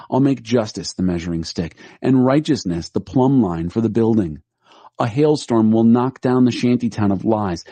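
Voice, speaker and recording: A man with a low, dark voice reads scripture aloud in a steady, measured way. The recording is dry and close, with no room sound. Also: no room sound.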